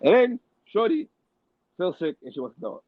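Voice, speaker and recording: A male podcast host tells a loose, slangy story, rambling with many restarts and fillers. His voice is high and swoops wildly in pitch, a little fast, and the recording is dry and tinny like a phone, with no echo.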